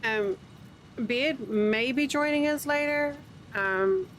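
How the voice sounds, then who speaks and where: A woman's voice: high-pitched, takes it slowly, slight background noise. A tired woman streaming a game, rambling casually to chat as she yawns. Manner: rambling, chatty, yawning.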